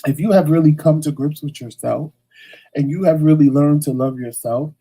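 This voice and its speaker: A man hosting a morning talk show, talking in a casual monologue that is blunt and animated, with slang and stuttered restarts. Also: on the high side, normal speed, husky, low-quality recording.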